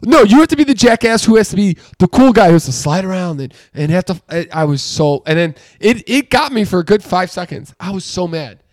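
Male podcast co-host in casual banter, slightly high voice, dry sound, rants and swears when riled. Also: expressive, fairly quick, hardly any pauses, dry recording. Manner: ranting, swears a lot, gets loud and high when worked up. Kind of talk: casual chat.

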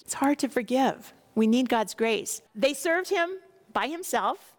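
A woman's voice: high voice, expressive, unhurried. A woman reading scripture aloud and explaining it in an earnest, devotional way, asking her listeners questions. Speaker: Bible teacher. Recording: long hall reverb.

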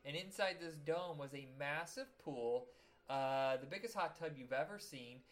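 A man's voice: on the high side, normal speed, a bit bright. A man hosting a casual podcast, joking crudely and rambling through stories. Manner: jokey, rambling, crude humor. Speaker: podcast host. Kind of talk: casual chat.

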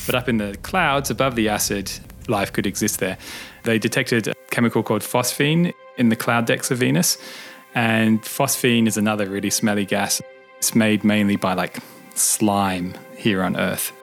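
A man's voice: fairly low pitch, fairly even intonation, moderate pace, creaky, a bit bright, soft background music. A man, an astronomer, patiently explaining science in plain words, with a light touch of humour. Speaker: astronomer answering kids' questions. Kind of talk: relaxed explanatory interview talk.

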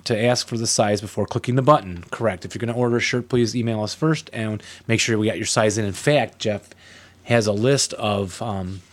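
A man's voice: on the low side, a little fast. A man co-hosting a podcast in casual chat, reading listener mail and cracking dry jokes. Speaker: podcast co-host.

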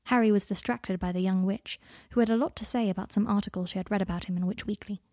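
A woman reading a story aloud in a calm, even storytelling manner. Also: medium pitch, fast talker, no echo, clean studio sound. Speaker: audiobook reader. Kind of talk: scripted narration.

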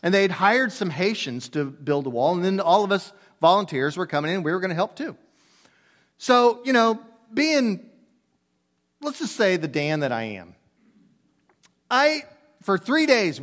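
An older man in his sixties delivers a sermon with animated, emphatic storytelling. His voice sits slightly higher than most men's, and he drops in casual asides between points. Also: moderate pace. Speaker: pastor.

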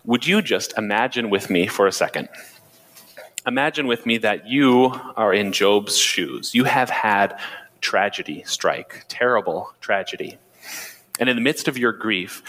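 A man's voice: lowish voice, fairly bright tone. A man preaching a sermon as pastor, retelling a story and asking the congregation directly. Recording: sermon played back with hall reverb.

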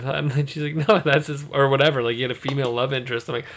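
A man with a gravelly, rough-edged voice co-hosting a podcast. He chats loosely over drinks, cracking jokes and breaking into laughter often. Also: medium pitch, fairly even intonation, rapid-fire, background noise. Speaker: podcast co-host. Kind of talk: casual chat over drinks.

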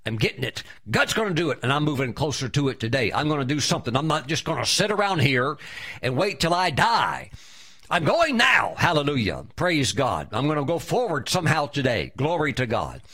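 Male pastor, sermon. Slightly high, very lively pitch, animated preaching with shouted praise. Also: a little fast, husky.

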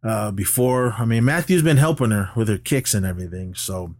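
A man's voice: lowish voice, fairly quick, no room sound, studio quality. A man co-hosting a podcast, casually recapping a movie plot and acting out the characters' lines. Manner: animated retelling, acts out characters' lines. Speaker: podcast co-host.

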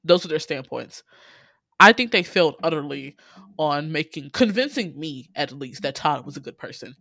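Animated man retelling a show, dry sound. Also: on the high side, moderate pace, gravelly, dry recording. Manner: animated storytelling, acts out character quotes, swears freely, frequent "you know". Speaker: podcast host recapping a series. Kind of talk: casual chat.

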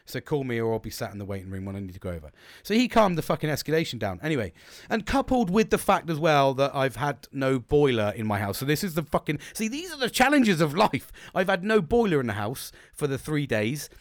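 A man's voice: mid-range voice, big pitch swings, quick pace, no room sound, studio quality. A man, a podcast host, tells a heated, profanity-filled story in a casual way. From United Kingdom. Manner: heated, sweary rant.

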